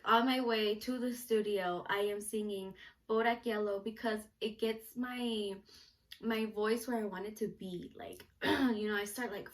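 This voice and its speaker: Chatty young woman, higher voice. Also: fairly bright tone. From United States, Mexican parents. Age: young adult. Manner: chatty, bubbly, many fillers like "like" and "you know". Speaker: vlogger, student reporter. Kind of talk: casual Q&A chat to camera.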